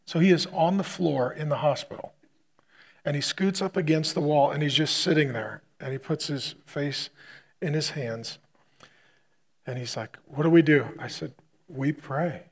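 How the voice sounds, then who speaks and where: A male pastor preaching, retelling a hospital story with loud punchy bursts that drop to a quiet hush. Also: on the high side, normal speed, breathy edge. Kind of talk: sermon storytelling.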